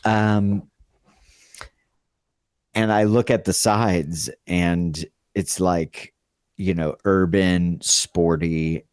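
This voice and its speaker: A man's voice: sits low, steady tone, very slow, long pauses, clean tone, no room sound, clean studio sound. A man casually telling a rambling story about his acting start, often laughing as he goes. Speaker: guest storyteller.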